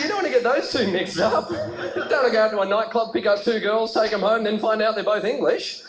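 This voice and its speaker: An Australian man doing a stand-up comedy routine, telling stories conversationally and hitting punchlines with animated bursts. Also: high voice, fairly quick, over a noisy crowd. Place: large comedy theatre stage with live audience. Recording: roomy live theatre sound with noisy audience.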